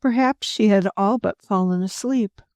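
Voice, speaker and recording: A woman narrating an audiobook in a calm, measured reading voice, close to the mic. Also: mid-range voice, dry recording. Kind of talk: scripted narration.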